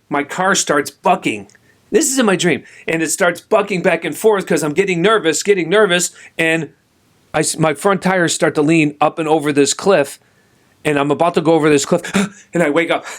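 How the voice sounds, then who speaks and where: A middle-aged man with a voice a little higher than most men's tells a story on his podcast. He is animated and conversational, often asking the listener questions as he goes. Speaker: podcast host. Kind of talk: storytelling monologue.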